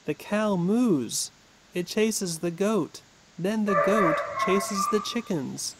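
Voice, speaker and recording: A man reading a storybook, voicing a poor, desperate father of a crowded home who pleads slowly for help. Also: high voice, very noisy, pitched above the performer's own voice. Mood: pleading. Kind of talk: storybook reading for English learners.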